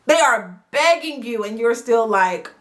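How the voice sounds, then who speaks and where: A high, bright woman's voice recapping a reality show to camera. She talks to the viewer directly, chatty and animated, and drags words out for emphasis. Recorded at home on a camera mic. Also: a little slow. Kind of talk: casual commentary to camera. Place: indoors at home near a sunny window.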